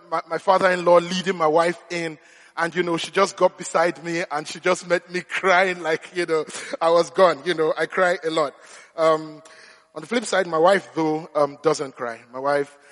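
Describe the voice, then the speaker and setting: A man's voice: high-pitched, a bit bright, long reverb tail. A man preaching a sermon, telling humorous, self-deprecating stories. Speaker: pastor.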